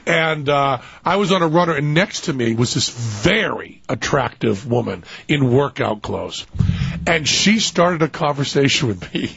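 A man with a raspy, gravelly voice, a guest performer who jokes playfully and laughs a lot in a casual chat. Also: mid-range voice, expressive, unhurried, fairly bright tone, no room sound. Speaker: talk show guest, performer. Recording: dry, dull lo-fi audio.

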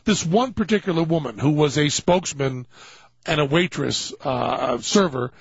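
Man, gravelly husky voice, animated storyteller, dull dry lo-fi sound. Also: a little high, normal speed, dry recording. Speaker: radio show host telling a story. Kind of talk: casual anecdote on a talk show.

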